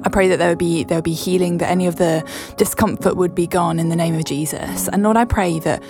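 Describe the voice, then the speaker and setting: Woman host praying in halting phrases. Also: lowish voice, steady tone, creaky, music in the background. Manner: prays in a halting way with fillers and repeats. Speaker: radio host. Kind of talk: radio prayer and chat.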